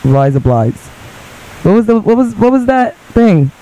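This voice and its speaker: A man's voice: very high-pitched, expressive, moderate pace, warm tone, poor audio. A man co-hosting a radio show who jokes and laughs often during casual studio banter. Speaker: radio co-host.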